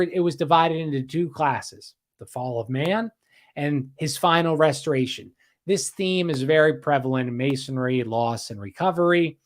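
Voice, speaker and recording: A man hosting a casual livestream history podcast, rambling, repeating himself and reading out viewer comments. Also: on the high side. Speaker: podcast host.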